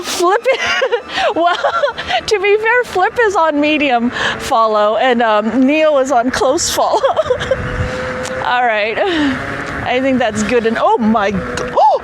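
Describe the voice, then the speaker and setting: A woman hosting a video, excitedly commenting outdoors as two small drones fly, giggling and fussing over them like pets. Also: high-pitched, noisy background. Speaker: vlog host testing drones. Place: outdoors near a garage.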